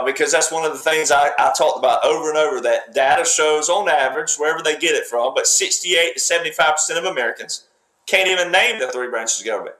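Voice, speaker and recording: A man whose voice runs high and a bit bright offers political commentary in a lecturing, emphatic manner. His speech comes in repetitive fragments, captured with a roomy echo.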